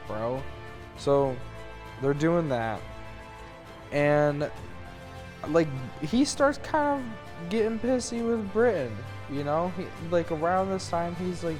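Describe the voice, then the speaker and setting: A man's voice: a little high, takes it slowly, darkish tone, faint music behind. Rambling young man telling history drunkenly. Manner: loose, rambling, slangy retelling with goofy quoted voices. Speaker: student narrator. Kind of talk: drunk history parody storytelling.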